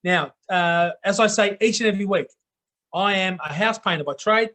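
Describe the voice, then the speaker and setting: A man's voice: high voice, moderate pace, sharp tone. A middle-aged Australian man hosting a live online talk show in a blokey, down-to-earth way, often checking in with "okay?". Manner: blokey, repeats "okay?" for emphasis. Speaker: host.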